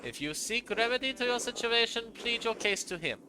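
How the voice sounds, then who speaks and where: A man's voice: very high-pitched, lively intonation, fairly quick, voice pushed up. A man voicing a stern, pious middle-aged male monk with a mock German accent, formal and stiffly polite, in a noisy home recording.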